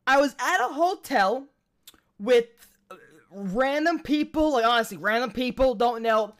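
A man's voice: very high-pitched, animated, measured pace, a bit bright. A man co-hosting a podcast in casual chat, rambling with many restarts and frequent swearing. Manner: rambling, profane, trailing restarts. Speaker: podcast co-host.

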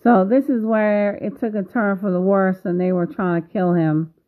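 A woman in her fifties talking casually to her viewers, slow and measured, pausing often. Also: mid-range voice, steady tone. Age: 50s. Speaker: vlogger. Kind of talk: casual video commentary. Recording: tinny phone-like sound.

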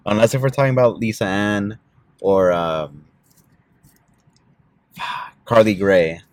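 A man's voice: lowish voice, expressive, takes it slowly, no room sound. A young man co-hosting a casual podcast, talking in a blunt, crude, joking way. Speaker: podcast co-host.

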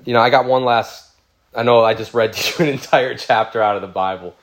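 A man's voice: mid-range voice, brisk. A man preaching a sermon, reading scripture aloud and explaining it in an earnest way that builds through repeated phrases and turns emotional.

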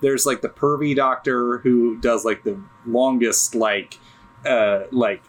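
A man's voice: medium pitch, steady tone, poor audio. Rambling man co-hosting a film podcast. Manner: rambling, halting, laughs often. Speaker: podcast co-host. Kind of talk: casual film discussion chat.

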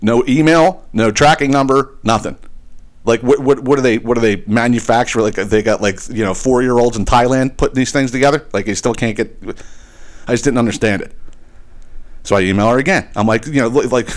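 A man's voice: medium pitch, brisk. A man hosting a podcast, telling a long exasperated story in a casual, profane ranting way. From eastern Pennsylvania. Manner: profane, exasperated, animated retelling. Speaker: podcast host.

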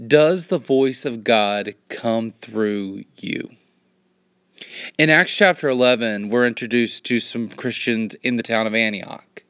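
A man hosting a devotional podcast, talking earnestly and jumping up in pitch on key words. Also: a bit bright, no room sound, clean studio sound. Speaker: podcast host.

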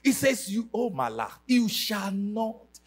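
A man's voice: high voice, big pitch swings, slow, slightly rough, soft background music. A man preaching a sermon to a church congregation, emphatic and sing-song, leading call-and-response. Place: church service.

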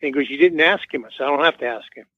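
A man's voice: a little high, very fast, no room sound. Man rambling over a tinny phone line. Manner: rambling, acts out quoted dialogue. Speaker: musician guest. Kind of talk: casual anecdote in an interview.

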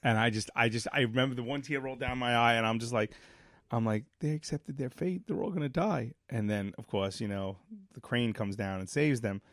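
A man's voice: mid-range voice, brisk, no echo, clean studio sound. A middle-aged man co-hosting a casual podcast chat, telling stories with lots of restarts and acting out the lines he quotes. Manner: animated storyteller, acts out movie lines, rambling restarts. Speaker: podcast co-host.

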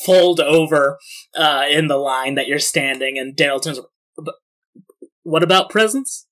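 A man narrating a tabletop game as game master, chatty and quick, often laughing. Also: fairly high pitch, little pitch movement, fairly bright tone.

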